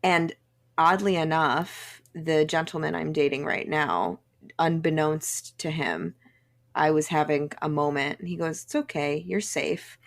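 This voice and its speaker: A woman's voice: deep voice, measured pace. A woman co-hosting a podcast, telling personal stories in a chatty, confiding way. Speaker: podcast co-host. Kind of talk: casual podcast chat.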